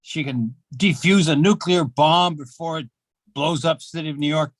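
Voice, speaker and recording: Older man, stand-up comic, deadpan and self-mocking, lots of uh fillers, slightly high voice, dry close sound. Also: moderate pace, no room sound. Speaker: stand-up comedian. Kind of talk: stand-up set at an open mic. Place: small comedy club.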